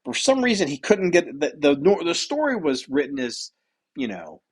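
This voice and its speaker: Brief: male podcast host, slightly high voice, rambling and profane, casual chat. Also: sing-song, moderate pace, breathy edge.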